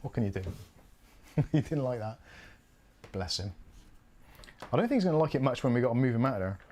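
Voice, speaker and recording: A man's voice: mid-range voice, expressive, fairly quick, a little mellow. A British man from the UK chatting casually and mocking himself while he narrates a live PC build. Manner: chatty, self-mocking, thinking aloud while working. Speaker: PC build streamer.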